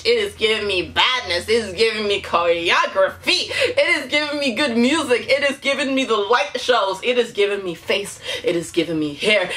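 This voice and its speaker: A woman hosting a reaction video, excitable and slangy, laughing often as she comments on a music video. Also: on the high side, low-quality recording. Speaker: YouTube reaction host.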